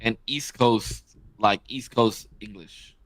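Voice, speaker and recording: A young man co-hosting a podcast, chatting in an excitable, animated way with swearing and laughs. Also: lowish voice, slow pace, no echo. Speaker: podcast co-host. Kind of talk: casual podcast chat.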